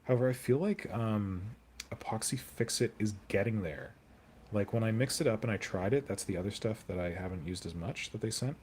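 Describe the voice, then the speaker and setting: A man's voice: fairly low pitch, a little fast, darkish tone, slight background noise. A young man chatting casually on a live stream while he sculpts, rambling and answering viewer comments aloud.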